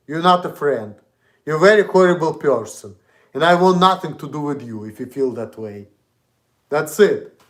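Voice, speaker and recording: A man with a Russian accent, streaming an indignant, profane, repetitive rant. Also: high-pitched. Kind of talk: ranting monologue.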